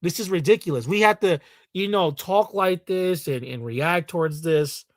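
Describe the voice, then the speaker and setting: Brief: male vlogger, fairly high voice, dry close sound, blunt and profane rant. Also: normal speed, no echo. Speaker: commentary vlogger. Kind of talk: ranting commentary.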